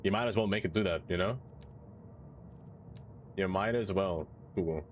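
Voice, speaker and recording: A man streaming live, chatting casually and playfully as he plays and reacts out loud. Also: low-pitched, moderate pace, slight background noise. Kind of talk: casual live-stream chat while playing.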